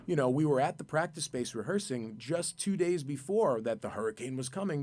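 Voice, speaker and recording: Rambling, excitable Brooklyn man. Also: mid-range voice, a little fast, hardly any pauses. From Brooklyn, New York. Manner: rambling, excitable, repeats words, acts out voices. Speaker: musician guest. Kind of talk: animated storytelling in a radio studio interview. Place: community radio studio.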